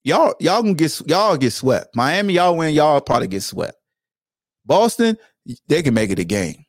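A podcast host trash-talks in a loose, playful voice. His pitch swings up and down all the time. The sound is close and dry, with no room around it. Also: sing-song, normal speed, no echo. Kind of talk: casual sports talk.

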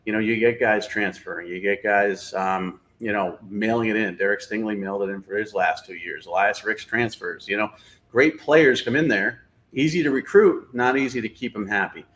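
A man's voice: fairly low pitch, moderate pace, fairly bright tone. A man giving blunt, opinionated college football analysis in casual talk, with plenty of fillers. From New England.

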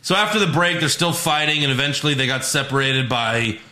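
Male podcast host, bright and forceful, in a roomy space, jokey casual recapper. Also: mid-range voice. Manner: recaps plots quickly with jokey asides.

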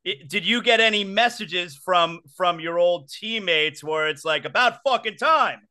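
A man hosting a sports talk show, firing quick, pointed questions at his guest. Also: sits high, sharp tone, clean tone.

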